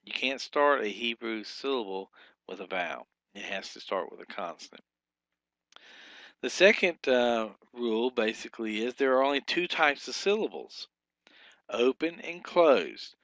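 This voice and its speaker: Man teaching a patient, unhurried lesson. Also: mid-range voice, big pitch swings, a bit bright, no echo, dull audio. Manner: patient and explanatory, with fillers and drawn-out example sounds. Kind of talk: recorded language lesson.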